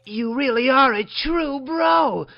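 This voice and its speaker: A man voicing an excitable young boy hero in a squeaky, stammering voice. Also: slow, full character voice. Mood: chummy. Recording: muffled lo-fi recording.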